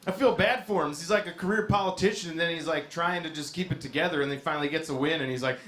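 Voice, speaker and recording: A man doing a stand-up set in a comedy club, with a low-key, deadpan delivery. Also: fast, hardly any pauses. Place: comedy club stage with a laughing audience. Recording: echoey club with audience noise.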